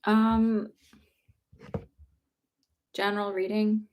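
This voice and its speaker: A woman's voice: mid-range voice, little pitch movement, drawn-out words, a little mellow. Chatty woman psychic on a livestream. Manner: chatty, reassuring, heavy use of "like" fillers. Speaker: psychic medium giving live readings. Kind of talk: casual livestream reading.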